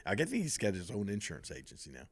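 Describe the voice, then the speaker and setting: A man's voice: on the low side, sing-song, quick pace, dry recording, clean studio sound. An older man hosting a podcast, telling rambling stories with laughs and switching into voices for the people he quotes. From American South. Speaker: podcast host, former wrestler. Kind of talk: casual chat, storytelling.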